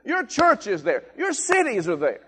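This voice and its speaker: A male pastor delivering a sermon, emphatic and repetitive, swelling into shouted calls for the congregation to repeat after him. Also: very high-pitched, huge pitch swings, moderate pace, slightly rough. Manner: emphatic, rising to shouted call-and-response. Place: church sanctuary. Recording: long reverb of a church hall.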